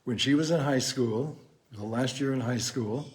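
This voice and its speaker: A man's voice: mid-range voice, moderate pace, slight background noise. An older man co-hosting a casual chat, joking and telling rambling anecdotes. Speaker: co-host.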